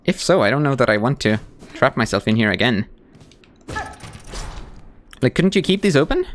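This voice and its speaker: A man's voice: mid-range voice, moderate pace, slight background noise. A man doing live gameplay commentary as a streamer, talking back to the game's characters. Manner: animated, talks to the game characters.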